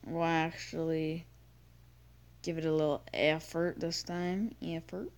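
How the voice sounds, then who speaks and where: Teen girl, gaming commentary, slow unhurried chatter, self-mocking, breaks into screams. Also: low-pitched, flat delivery, darkish tone, smooth. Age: teens. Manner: bursts into screams and sing-song humming. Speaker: gaming YouTuber. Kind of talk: gameplay commentary.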